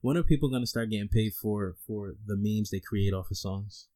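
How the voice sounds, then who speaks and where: A man's voice: on the low side, moderate pace, mellow. Easygoing male podcast co-host. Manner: easygoing, laughs often, teasing. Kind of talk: casual chat.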